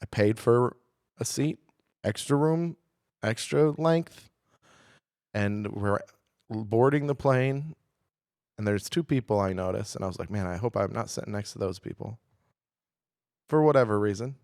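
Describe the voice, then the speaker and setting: A man's voice: on the low side, measured pace, pauses often, no room sound, studio quality. Profane storytelling podcast man. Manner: animated, profane, self-deprecating storyteller. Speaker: podcast co-host. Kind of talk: casual comedic storytelling.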